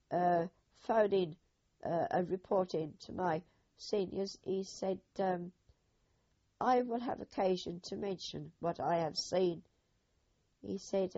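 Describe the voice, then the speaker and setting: An older woman recalls her own experiences in a slow, unhurried way. Her voice is husky and mellow, and she acts out each speaker's quoted words. The recording sounds dull and lo-fi. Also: mid-range voice. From Britain. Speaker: eyewitness. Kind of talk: oral history storytelling.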